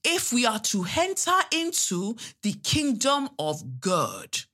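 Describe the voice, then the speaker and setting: Pompous pulpit preacher, male, slow and showy, high and bright; a woman puts him on. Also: huge pitch swings, full character voice. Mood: preachy. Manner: slow, drawn-out preaching cadence.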